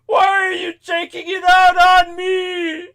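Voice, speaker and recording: A man playing a weepy cab driver who shouts and cries in a high strained voice. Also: completely flat delivery, slow pace, gravelly, heavily acted. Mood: wailing. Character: weepy male cab driver, whining and shrill.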